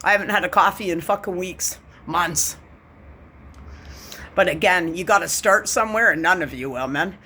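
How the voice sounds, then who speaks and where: A woman's voice: lowish voice, moderate pace, pushed and bright, a little hiss or hum. Bitter, profane woman ranting. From Canada. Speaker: vlogger. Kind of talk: angry monologue to camera.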